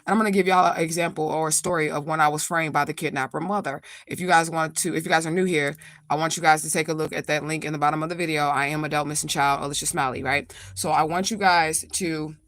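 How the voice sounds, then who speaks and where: Fast-talking blunt woman from St. Louis. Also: sits low, steady tone, fairly bright tone, dry recording. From St. Louis, USA. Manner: blunt, profane, rambling. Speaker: spiritual reader. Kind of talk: casual livestream storytelling.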